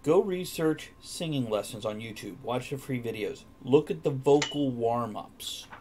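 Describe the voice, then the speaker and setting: A man's voice: medium pitch, measured pace, background noise. A man hosting a casual chat, asking questions and giving direct practical advice. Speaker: host.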